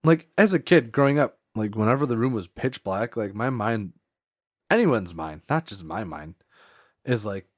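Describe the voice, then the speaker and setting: A man's voice: on the low side, expressive, normal speed, no room sound, clean studio sound. Rambling, giggly man telling a story. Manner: rambling, many "like"s, laughs often. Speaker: podcast co-host. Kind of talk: casual storytelling chat.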